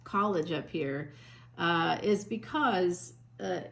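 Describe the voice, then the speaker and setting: Speaking slowly in a gravelly, fairly low voice, a woman psychic chats through a tarot reading with warm endearments, plenty of fillers and false starts. Her accent is Northern US sliding Southern, and the recording is rough.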